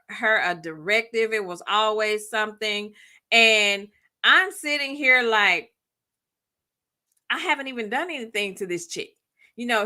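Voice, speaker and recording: A woman's voice: on the high side, pushed and bright. A woman host telling a personal story in a casual, chatty way, acting out both sides of the conversations.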